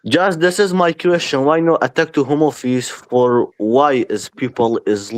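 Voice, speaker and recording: Persian-native male caller, broken slow English, dry sound. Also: mid-range voice, dry recording. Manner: halting broken English, apologetic.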